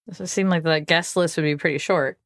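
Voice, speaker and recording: A woman's voice: sits low, steady tone, brisk, no echo, clean studio sound. A woman co-hosting a casual podcast with giggly, playful reactions. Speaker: podcast co-host. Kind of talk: casual chat.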